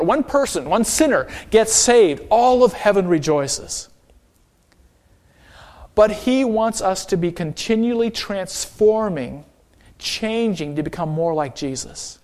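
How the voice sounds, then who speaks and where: Un pastor de voz alta y aguda que predica un sermón con mucho énfasis. Alterna entre frases enérgicas y momentos más suaves, y pide a los oyentes que respondan "amén". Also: male voice, high voice, darkish tone. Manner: emphatic, calls for amen. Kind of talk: sermon.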